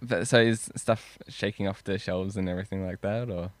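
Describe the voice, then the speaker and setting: Aussie guy with a really low voice, asking stuff on a podcast, swears a bit, dry mic. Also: fairly even intonation, moderate pace, no room sound. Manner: curious questioner, casual swearing. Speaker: podcast co-host. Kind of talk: casual chat.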